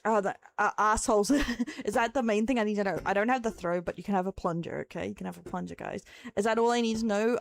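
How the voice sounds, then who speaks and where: A woman's voice: medium pitch, no echo. A tired young Australian woman streamer chatting casually with viewers, giggling, rambling and swearing as she goes. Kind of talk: casual live-stream chat.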